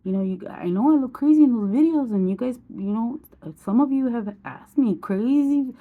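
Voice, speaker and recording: A woman's voice: fairly high pitch, moderate pace, phone-quality sound. A woman in her forties talking straight to camera in a candid personal vlog, blunt and emotional, swearing casually. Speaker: vlogger.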